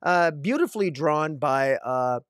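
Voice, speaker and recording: Casual male comic reviewer from Canada, rambling delivery, slightly high pitch, dry close recording. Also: lively intonation, a little slow, a bit bright, clear, resonant tone, no room sound. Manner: rambling, frequent fillers and restarts.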